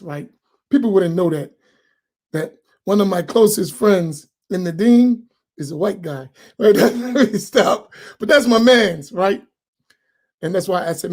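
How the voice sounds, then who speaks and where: A man, an imam giving a casual, joke-filled talk after dawn prayer. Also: a little high. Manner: animated storyteller, laughs often, colloquial.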